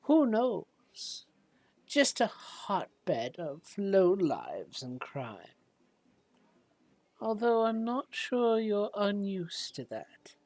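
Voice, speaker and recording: A woman's voice: mid-range voice, sing-song, very slow, a little mellow, dry recording, heavily acted. A woman voicing an old woman who sells zombies, sweet-talking and coaxing, calling people dearie. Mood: sly.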